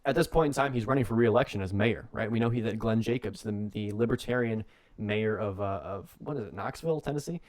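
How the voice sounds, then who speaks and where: A young man co-hosting a wrestling podcast on the radio, telling a comedic story in a rambling, jokey way and breaking into quick put-on voices. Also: on the low side, darkish tone. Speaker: podcast co-host.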